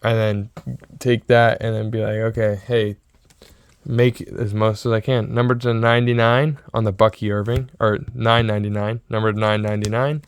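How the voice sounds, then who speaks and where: A man in his early twenties talking in a casual, rambling vlog style, excitable and repeating himself. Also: fairly low pitch, moderate pace, smooth. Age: 20s. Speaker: sports card seller and vlogger.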